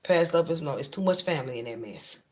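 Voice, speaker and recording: This tarot reader talks fast, with a mid-range voice and lively intonation, giving viewers a blunt, casual reading. Points get repeated and hammered home in frank, slangy language.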